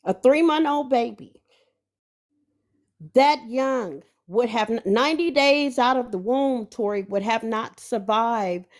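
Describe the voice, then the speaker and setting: A woman's voice: a little high, slow. Woman pressing pointed questions on a stream. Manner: pointed, repeating the person's name while pressing questions. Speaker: live stream guest. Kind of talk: confrontational questioning.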